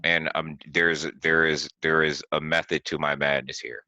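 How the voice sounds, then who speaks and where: A man hosting a casual podcast chat, teasing and playful, building up to his questions deliberately. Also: rumbling low, little pitch movement, bright, forceful tone, no room sound, low-quality recording. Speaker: podcast host.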